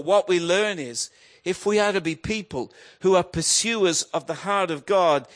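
A man in his fifties preaching a sermon in an earnest way, repeating key phrases for emphasis. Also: on the high side. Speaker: pastor.

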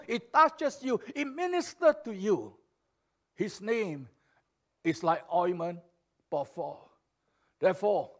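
A pastor delivers a sermon in a high-pitched male voice. He speaks slowly and deliberately, repeating his key phrases for emphasis. His delivery swings from soft, low passages to loud declarations.

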